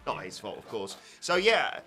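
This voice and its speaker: Man, British, wry and opinionated, casual co-host chat, bright tone, faint background music. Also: mid-range voice, sing-song, moderate pace. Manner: wry, opinionated storytelling with sarcastic asides. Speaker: co-host of a news show.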